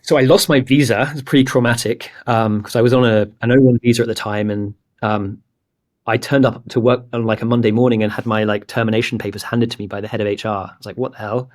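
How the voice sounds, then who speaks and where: A man's voice: mid-range voice, fairly even intonation, quick pace, a little mellow. Candid young man telling a startup story. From England. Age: 20s; late 20s. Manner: candid, rambling, heavy use of "like". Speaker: guest, startup founder. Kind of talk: casual storytelling interview.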